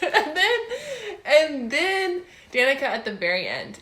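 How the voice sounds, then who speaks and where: A young adult woman chatting casually about books she has read, gushing and excitable and often laughing. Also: fairly high pitch, moderate pace, reverberant, background noise. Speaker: book vlogger. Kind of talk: casual book review chat.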